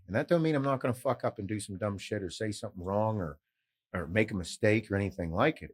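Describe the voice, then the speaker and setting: A middle-aged man hosting a podcast in casual, animated chat, swearing freely and telling stories. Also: deep voice. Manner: animated, swearing, storytelling with quoted voices. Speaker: podcast host.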